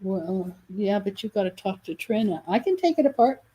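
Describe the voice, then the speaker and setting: A woman's voice: mid-range voice, lively intonation, normal speed, warm tone, slightly rough. A woman hosting a live sales video for quilt kits, chatty and enthusiastic, often correcting herself mid-sentence. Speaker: shop host selling quilt kits.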